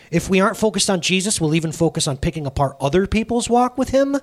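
A man in his thirties, a pastor giving a lively sermon, acting out stories in quoted dialogue. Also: high voice, fast, hardly any pauses. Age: 30s. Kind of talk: sermon with storytelling. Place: church sanctuary.

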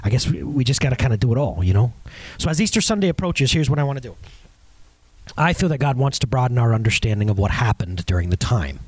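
A man preaching a conversational sermon as pastor, animated and off-the-cuff, with many restarts and asides. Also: mid-range voice, fast talker, slightly rough, no room sound.

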